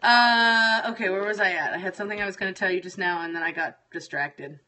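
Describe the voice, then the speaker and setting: A woman's voice: mid-range voice, quick pace, bright, forceful tone. A middle-aged woman chatting casually to her viewers on a livestream, scattered, exasperated and swearing freely. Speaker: livestream host.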